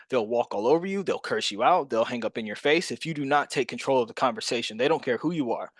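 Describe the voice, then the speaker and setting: A man's voice: medium pitch, no room sound, clean studio sound. A man coaching on real estate wholesaling calls, punchy and emphatic, acting out phone conversations with energy. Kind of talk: energetic sales coaching monologue.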